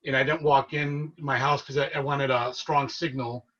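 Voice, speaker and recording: A man, a paranormal investigator, telling his story as a podcast guest in an earnest, excitable way. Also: medium pitch, moderate pace, recorded from a distance, lo-fi sound. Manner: earnest, excitable storyteller who relives events. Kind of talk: casual storytelling interview.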